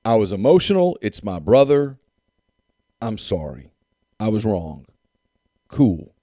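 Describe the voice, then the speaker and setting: Low mellow guy on a sports podcast, keeps hammering his point, dry sound. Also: sing-song, slow, no room sound. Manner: emphatic, repeats himself for effect. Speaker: podcast co-host. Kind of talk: casual sports talk.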